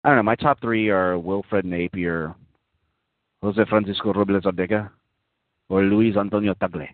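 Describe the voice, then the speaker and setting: A man's voice: deep voice, fairly even intonation, moderate pace, no echo. A man hosting a casual call-in talk show, mocking and profane, rambling through many fillers, over a dry, tinny phone-line recording.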